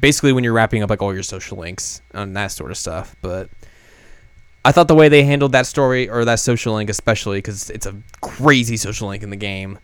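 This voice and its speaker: A smooth, clear male voice sits a little low as he rambles through a casual review. He corrects himself often and leans on fillers, recorded close and dry. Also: fairly bright tone, no room sound. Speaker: anime reviewer.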